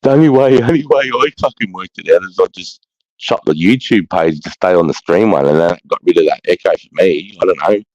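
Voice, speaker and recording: Very low-voiced Australian man, swearing freely. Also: a little fast, darkish tone, no echo. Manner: swears freely, says mate often. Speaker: livestream host. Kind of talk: casual chat. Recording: dull, lo-fi stream audio.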